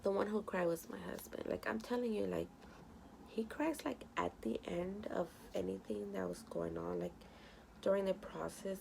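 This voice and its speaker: A woman's voice: medium pitch, warm tone, a little hiss or hum. A young woman vlogging from home, telling a story casually with lots of "like" and quoted dialogue. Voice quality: gravelly vocal fry. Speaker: beauty vlogger.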